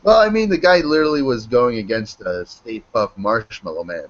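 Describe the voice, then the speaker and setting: A man's voice: medium pitch, expressive, moderate pace, highs cut off. A man hosting a podcast, chatting casually about old films in a loose, joking and profane way. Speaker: podcast host. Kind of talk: casual chat.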